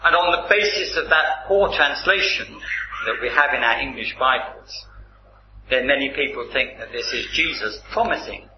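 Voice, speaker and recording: A man preaching a sermon, teaching from the Bible in a measured, emphatic way. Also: medium pitch, a little hiss or hum. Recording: roomy, slightly dull recording.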